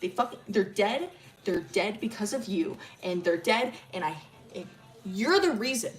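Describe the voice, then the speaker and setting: A wild, unwashed young drunk who won't stop demanding and repeating himself, his pitch jumping all over as he pleads. A woman puts him on in a loose, storytelling voice. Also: lively intonation, normal speed, faint music behind, close to an everyday voice. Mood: frantic. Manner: urgent, slurring, repeats himself. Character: frantic drunk young man, unwashed and desperate.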